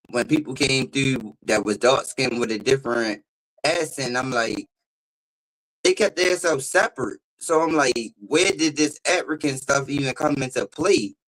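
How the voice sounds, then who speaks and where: A man tells a meandering story. He says "like" constantly and talks loosely. His voice has an ordinary middle pitch and comes over call audio. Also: a bit bright, rough recording. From Baltimore. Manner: rambling, says 'like' constantly. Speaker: panel guest. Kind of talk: casual storytelling.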